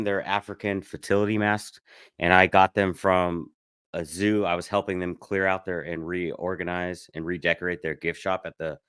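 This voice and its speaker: A man's voice: low voice, a bit bright, smooth, no room sound, clean studio sound. A man co-hosting a casual podcast, fighting a cold and losing his voice, telling stories in a laid-back way. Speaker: podcast co-host. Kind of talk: casual chat.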